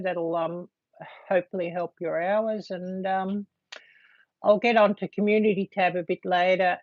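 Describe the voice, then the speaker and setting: Slow, halting woman livestreamer. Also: fairly low pitch, dry recording. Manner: halting, filled with frequent ums. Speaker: livestream host. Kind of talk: casual livestream chat to viewers. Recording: dull lo-fi dry sound.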